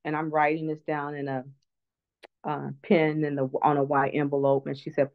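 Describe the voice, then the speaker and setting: Over tinny phone-line audio, a woman guest speaker in an online talk shares a personal story in an earnest, reflective way. Her voice sits low with little pitch movement, she speaks at a moderate pace, and she restarts often.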